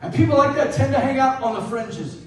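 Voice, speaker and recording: A man's voice: very high-pitched, lively intonation, brisk. A male pastor preaching a sermon, telling a story in a conversational way and often asking "right?". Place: church sanctuary. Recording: roomy church hall, mic at a distance.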